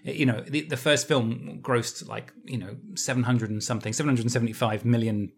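A man co-hosting a podcast who tells stories in an animated way, laughing easily and restarting his phrases. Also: medium pitch, brisk. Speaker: podcast co-host. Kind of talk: casual podcast chat.

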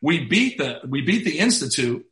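A man's voice: fairly high pitch, sing-song, normal speed, a crowd in the background. A middle-aged man, a college basketball head coach, telling stories in a casual podcast interview, rambling with many "like"s and poking fun at himself. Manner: rambling, heavy use of "like", self-deprecating. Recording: roomy echo.

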